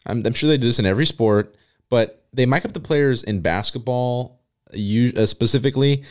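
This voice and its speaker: A man's voice: mid-range voice, moderate pace. A young man co-hosting a casual podcast, joking around and dropping into put-on announcer voices. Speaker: podcast co-host. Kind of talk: casual chat.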